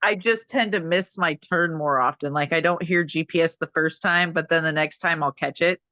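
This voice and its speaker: A woman co-hosting a podcast in casual chat, blunt and quick to swear. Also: low-pitched, pushed and bright, no room sound. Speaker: podcast co-host.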